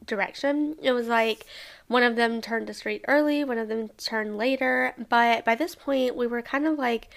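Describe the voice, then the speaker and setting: Her voice is a little high and creaky, moving at a moderate pace, as this young travel vlogger from Alabama casually recaps a trip with her sisters. Bubbly throughout, she fills her chat with "like" and little laughs.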